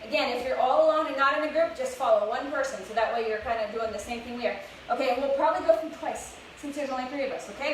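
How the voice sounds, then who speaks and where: A bright, high-voiced young woman coaches children through a workout, upbeat and a little breathless. She sounds set back from the mic, with a strong echo and clear background noise around her. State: slightly out of breath. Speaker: fitness instructor. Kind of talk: live kids' workout class. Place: outdoors, open space. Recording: echoey, distant with background noise.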